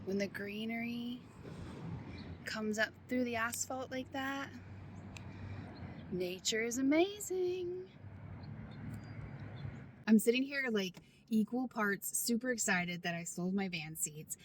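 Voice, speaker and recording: A woman in her thirties talking openly and casually to the camera from inside her van, loud at times and quick to laugh. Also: a little high, a little hiss or hum. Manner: chatty and open, with frequent laughs and quick asides; talks loudly at times. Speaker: van life vlogger. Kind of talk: casual vlog talk.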